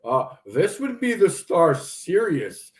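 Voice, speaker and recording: A man's voice: high voice, very animated, takes it slowly. A man hosting a livestream, ranting sarcastically and with exasperation as he answers viewers' comments. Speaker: livestream host. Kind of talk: ranting live stream commentary.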